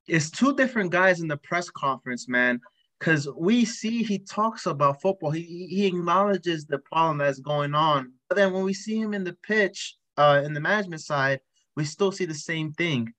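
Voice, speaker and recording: A man's voice: on the high side, normal speed, fairly bright tone, rough recording. A man hosting a casual podcast chat, asking questions and steering the talk to others. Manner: questioning, leads the discussion. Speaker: podcast host.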